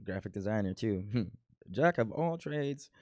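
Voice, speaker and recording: A man's voice: lowish voice, animated, unhurried, darkish tone, no echo, clean studio sound. A man casually commenting on his own old home video, joking and playfully boasting about himself. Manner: self-mocking, playfully boastful. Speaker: reaction video host.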